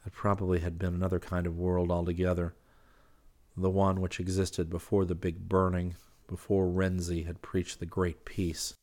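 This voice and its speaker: Male audiobook narrator, deep and monotone, even storytelling. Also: moderate pace. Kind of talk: scripted narration.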